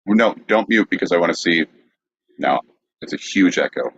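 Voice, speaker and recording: A man's voice: sits low, animated, normal speed, a bit bright, slightly rough, muffled recording. A man hosting a podcast livestream who stays patient and apologetic while he troubleshoots the audio. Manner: apologetic, patient under insults. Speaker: podcast host.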